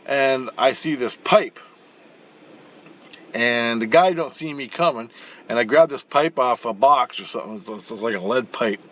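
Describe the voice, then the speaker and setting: Speaking at medium pitch and a little slowly, this man tells a long, rambling dream story from the spirit world for his channel. He's blunt and profane, restarts frequently, repeats words, and acts out what happens with animation.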